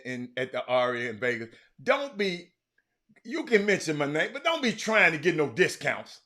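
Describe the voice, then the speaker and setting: Dude hosting sports talk, high and bright, loud and teasing, keeps repeating himself. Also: male voice. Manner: loud, excitable, teasing, repeats words, sudden shouts. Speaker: sports talk show host. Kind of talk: animated sports talk, reading live chat.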